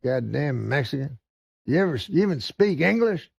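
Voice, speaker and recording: A man voicing a crude, bullying redneck who shouts and sneers. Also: on the high side, very animated, moderate pace, gravelly, slightly rough, no echo, studio quality, voice pushed up, exaggerated voice.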